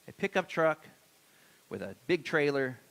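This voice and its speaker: A man's voice: fairly high pitch, sing-song, unhurried, creaky, a bit bright. A middle-aged man preaching a sermon in a church, talking conversationally and putting questions to the congregation. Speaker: pastor. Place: church sanctuary.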